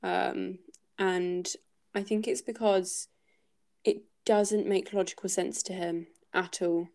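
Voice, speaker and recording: A woman's voice: lowish voice, steady tone, slow, a little mellow. A woman hosting a casual book-club podcast, thinking aloud and hesitating with many fillers as she talks through a chapter.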